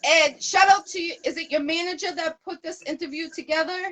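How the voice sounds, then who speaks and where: Bright high-voiced woman host with heavy accent. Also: fairly even intonation, rough recording. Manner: eager, upbeat, quick shout-outs. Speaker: interview host. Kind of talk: casual interview hosting.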